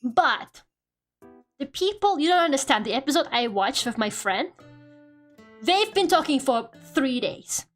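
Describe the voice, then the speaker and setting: High-voiced woman streamer, animated and exasperated. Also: unhurried, pauses often, soft background music. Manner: animated, exasperated storytelling with frequent laughter; heavy filler use, swears casually. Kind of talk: casual chat.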